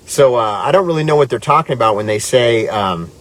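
Earnest pastor chatting on a livestream. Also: male voice, medium pitch, fairly quick, a little hiss or hum. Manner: earnest and conversational, drifting between animated and quiet. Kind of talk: live-stream chat reading viewer comments.

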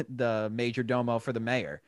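A man's voice: medium pitch, flat delivery, measured pace, dry recording, studio quality. A young man co-hosting a casual fan chat, hesitant and full of "like". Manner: chatty, hesitant, lots of "like". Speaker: podcast co-host.

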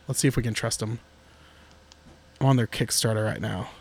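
A man co-hosting a podcast in casual chat, joking and excitable, talking in restless bursts. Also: lowish voice, brisk, slightly rough. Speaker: podcast co-host.

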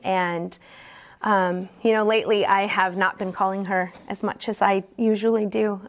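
A woman telling her own recovery story at a support meeting, candid and earnest, halting often with fillers and restarts. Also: mid-range voice. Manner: earnest and emotionally open. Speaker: speaker sharing at a recovery meeting. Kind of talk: personal recovery testimony.

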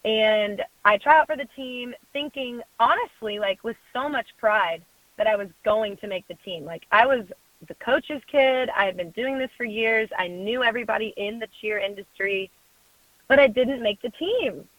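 A young adult woman, a guest in an interview, telling a personal story in a lively way, acting out other voices and laughing often. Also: fairly high pitch, normal speed, dry recording. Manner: animated storyteller who acts out quoted voices and laughs often. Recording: phone-like dry sound.

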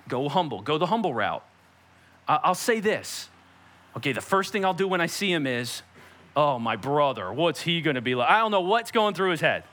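A young pastor delivers a sermon with a bright, forward tone that sits a little higher than most men's. He tells personal stories and jumps into little acted-out quotes along the way, his delivery animated and conversational. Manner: animated storytelling preacher, acts out quotes.

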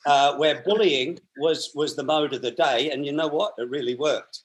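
A man's voice: a little high, fairly even intonation, moderate pace, slight background noise. A man, telling stories as a podcast guest, acting out voices, with many restarts. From Australia. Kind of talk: casual storytelling.

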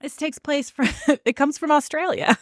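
A young woman co-hosting a podcast in casual chat, relaxed, chatty and wry. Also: high-pitched, normal speed, no echo. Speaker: podcast co-host.

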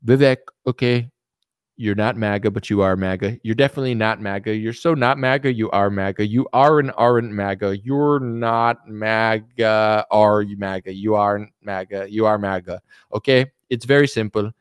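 A boastful, rambling older male politician, as a man puts him on, who brags loudly and repeats himself in a sing-song way. The voice is smooth, and the recording is dry and close. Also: lowish voice, normal speed, dry recording, voice pushed down, close to an everyday voice. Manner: repetitive, loud, bragging sing-song delivery.

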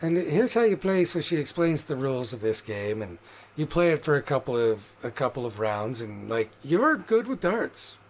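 A man narrating a tabletop game as game master in a loose, profane, energetic way. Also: mid-range voice, normal speed.

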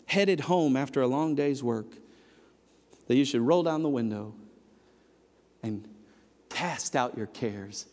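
A man preaching a sermon, swinging between loud emphatic passages and low hushed ones. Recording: long hall reverb.

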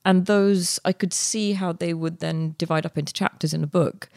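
A woman's voice: fairly low pitch, fairly even intonation, normal speed, vocal fry, darkish tone, no echo. Woman telling a story in a dry, close recording. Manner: chatty, with frequent fillers and restarts. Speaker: guest author. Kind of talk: relaxed interview storytelling.

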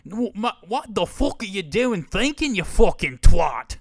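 A man's voice: high voice, sing-song, measured pace, dry recording, studio quality, pitched above the performer's own voice, exaggerated voice. A man doing a rowdy sweary British lad. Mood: brash. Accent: put-on British. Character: loud crude British male action-movie fan. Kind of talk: mocking impression in a podcast rant.

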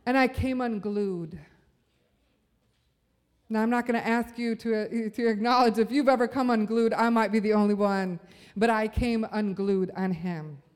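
A woman's voice: fairly high pitch, steady tone, measured pace, darkish tone, clear, resonant tone, in a large hall. A woman giving a sermon at a church service, telling a personal story and building to a fervent call to the room. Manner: earnest, storytelling, rising to fervent.

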